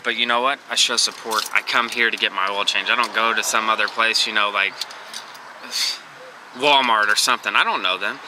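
A man's voice: fairly low pitch, far from the mic. A man giving a rambling, earnest motivational rant to a handheld camera while out running errands. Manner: rambling, earnest, restarts often. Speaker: vlogger. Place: in a car and outdoors. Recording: noisy car and street background.

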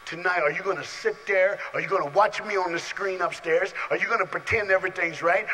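In a rough recording, a man with a high voice preaches a spirited youth sermon to a large live crowd, talking briskly with few pauses. He keeps it playful and direct, calling on audience members and shifting from hushed asides to yelling.

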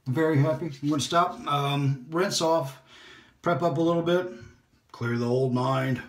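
A man hosting a shaving video, chatting in a relaxed, rambling way and talking to himself as he shaves. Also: on the high side, measured pace. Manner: relaxed, rambling, self-talk while shaving. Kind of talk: casual shaving vlog chat. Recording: echoey room.

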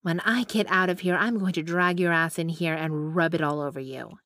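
A woman voicing a shrill, spiteful young female rival who screeches insults. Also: steady tone, moderate pace, a bit bright, dry recording, studio quality, natural voice. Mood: furious.

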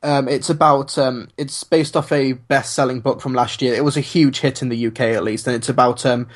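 A man's voice: medium pitch, fairly even intonation, brisk. A man co-hosting a podcast, talking casually with many ums and a dry sense of humor. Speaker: podcast co-host. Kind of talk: casual chat.

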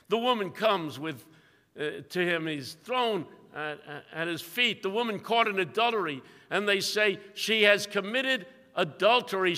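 Animated older man preaching in a reverberant chapel. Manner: storytelling, dramatic swings in volume and pitch. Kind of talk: sermon. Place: university chapel. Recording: long hall reverb.

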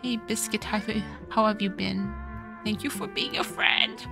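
A woman's voice: medium pitch, fairly even intonation, measured pace, gravelly, music in the background. A woman streamer giving casual let's-play commentary, reading the game's text aloud and then getting tearful and swearing.

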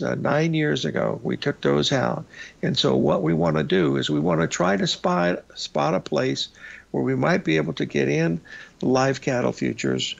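Raspy, gravelly male market show host. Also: fairly high pitch. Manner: folksy, rambling, frequent "uh" and "folks". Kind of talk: casual market commentary over charts. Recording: slightly dull lo-fi broadcast audio.

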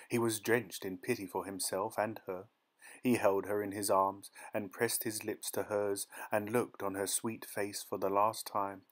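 A man narrating an audiobook short story in a soft, gentle dramatic reading style. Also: fairly low pitch, flat delivery, measured pace. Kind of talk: scripted narration.

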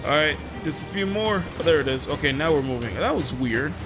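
A man giving casual, excitable commentary while he plays a video game, often laughing and talking to himself. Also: a little high, brisk. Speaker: gaming channel host. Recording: voice over loud game music.

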